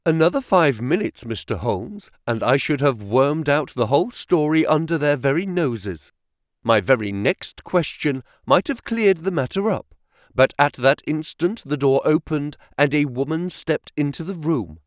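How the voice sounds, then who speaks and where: A male audiobook narrator reading a classic detective story in a measured, dramatic way. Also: on the high side, expressive, no echo, studio quality.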